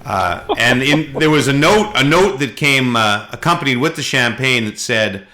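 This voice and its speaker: Bright-voiced middle-aged storyteller man. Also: medium pitch, moderate pace, hardly any pauses. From Canada. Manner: animated anecdote-telling, acts out quotes. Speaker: podcast co-host. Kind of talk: casual storytelling chat.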